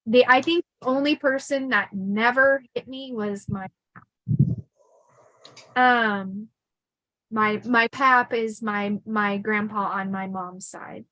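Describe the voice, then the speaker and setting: A woman's voice: fairly high pitch, steady tone, takes it slowly, pushed and bright, no echo, rough recording. A middle-aged woman telling stories from her life in a casual chat, laughing often and restarting sentences. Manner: chatty, laughing, many fillers and restarts. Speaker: podcast host telling her life story.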